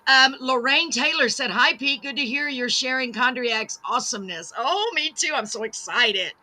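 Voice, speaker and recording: A woman's voice: sits high, expressive, moderate pace, pushed and bright. A woman hosting a live-streamed talk show, reading out viewer comments in a gushing, bubbly, self-deprecating way.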